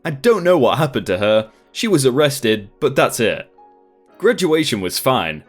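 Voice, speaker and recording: A man reads online stories aloud for his channel in a scripted narration, his pitch swinging widely. His voice sits in a middle pitch, and faint music plays underneath. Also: unhurried. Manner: lively, expressive reading. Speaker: storytime channel host.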